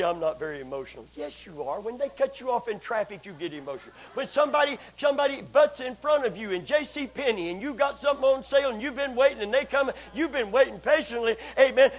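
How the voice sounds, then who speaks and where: A man preaching a broadcast sermon, swinging from quiet, low asides to loud, shouted exhortation, asking the congregation for amens. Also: dull audio. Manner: rises from low, soft asides to loud, shouted exhortation, constant calls of amen.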